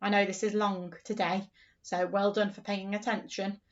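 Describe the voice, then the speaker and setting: A woman teaching an early-years phonics lesson in a slow, sing-song, encouraging way, acting out story lines as she goes. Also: mid-range voice, little pitch movement, far from the mic, lo-fi sound.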